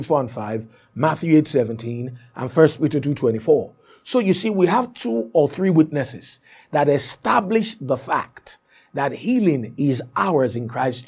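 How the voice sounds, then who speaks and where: A man's voice: fairly high pitch, mellow, breathy edge. A man preaching a sermon, emphatic and repetitive, often stopping to say "Amen.". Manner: emphatic, repeats points, punctuates with "Amen".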